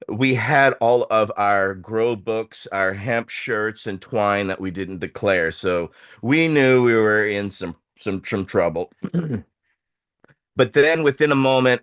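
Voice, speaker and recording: A man hosting a show, telling a long story in a casual, animated way, acting out the voices of people he quotes. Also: on the low side, clean tone. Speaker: host.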